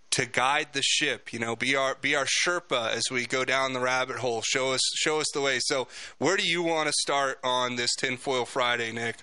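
Chatty upbeat radio host guy, super bright voice, dry studio sound. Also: mid-range voice, clear, resonant tone, dry recording. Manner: upbeat, chatty, quick to laugh. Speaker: radio talk show host. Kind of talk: casual talk radio.

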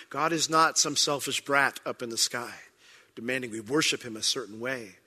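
Bright, emphatic male preacher. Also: fairly high pitch, animated, brisk. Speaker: pastor. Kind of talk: sermon.

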